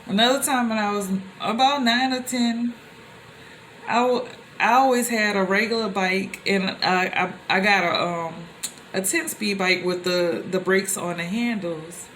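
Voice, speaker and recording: A young woman telling personal stories to the camera in a loose, conversational way, with animated exclamations. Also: medium pitch, a little hiss or hum. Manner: animated, with rising exclamations when quoting others; loose and conversational, with many fillers and restarts. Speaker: vlogger.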